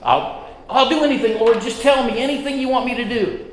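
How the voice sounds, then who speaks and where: A man voicing a panicked man clinging to a branch above a cliff, shouting desperate pleas for help. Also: very high voice, a little fast, pitched above the performer's own voice. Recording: echoey hall reverb.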